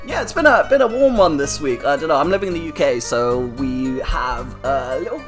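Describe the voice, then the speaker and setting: A woman's voice: low-pitched, expressive, a little fast, soft background music. A woman chatting casually as a let's-play host, rambling with many fillers and laughs. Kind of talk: casual chat.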